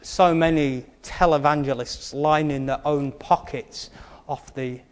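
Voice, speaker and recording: A man's voice: fairly high pitch, fairly even intonation, unhurried, clean tone, long reverb tail. A male preacher giving a sermon in an earnest way, stressing his key points and adding wry asides.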